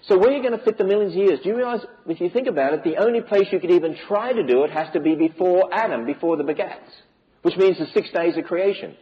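A man's voice: high voice, animated, quick pace, lo-fi sound. A man giving an emphatic preaching lecture to a church audience, with many rhetorical questions. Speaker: speaker on biblical creation.

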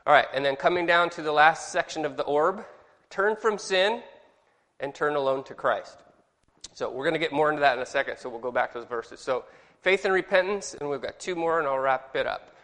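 A man's voice: fairly high pitch, fairly quick, fairly bright tone. A man teaching a Sunday school class, chatty and joking, asking the group questions. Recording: long reverb in a hall.

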